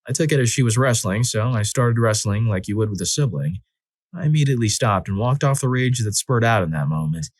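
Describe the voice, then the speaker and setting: A man with a fairly low voice narrates relationship stories submitted by readers, reading from a script and raising his voice for the quoted lines. The recording is dry, with clean studio sound.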